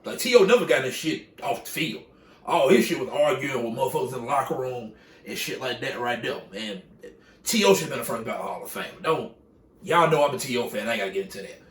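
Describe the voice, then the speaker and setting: A man's voice: medium pitch, expressive, quick pace, fairly bright tone, far from the mic. Heated man ranting in an echoey room. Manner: heated, profane, repeats himself for emphasis. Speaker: sports commentator. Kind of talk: casual sports opinion rant.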